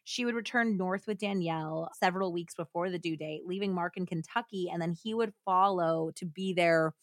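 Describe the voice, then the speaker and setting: A woman's voice: fairly low pitch, normal speed, no room sound, clean studio sound. A woman hosting a podcast, telling a true-crime story casually with many fillers and laughs. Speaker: podcast host.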